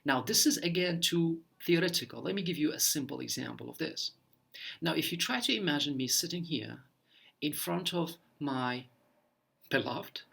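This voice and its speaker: A man's voice: a little high, vocal fry, bright, forceful tone, husky. A man giving a lecture, explaining ideas step by step with examples, with occasional fillers and stumbling repeats.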